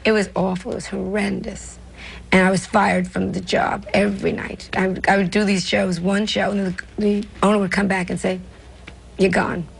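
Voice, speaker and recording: A woman's voice: medium pitch, flat delivery, moderate pace, vocal fry, slight background noise, poor audio. An older woman, a comedian with a New York accent, telling stories in an interview with brash, self-mocking asides. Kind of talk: interview storytelling.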